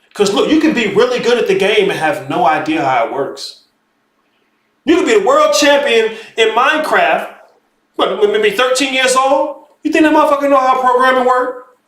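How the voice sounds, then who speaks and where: Animated, high-pitched man lecturing emphatically. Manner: emphatic, profane, keeps saying "bro". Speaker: spiritual teacher. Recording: roomy echo.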